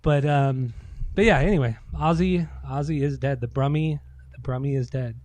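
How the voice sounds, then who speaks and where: A man's voice: mid-range voice, normal speed, darkish tone. A man co-hosting a casual podcast, telling loose, profane stories and acting out quotes. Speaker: podcast co-host. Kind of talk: casual chat.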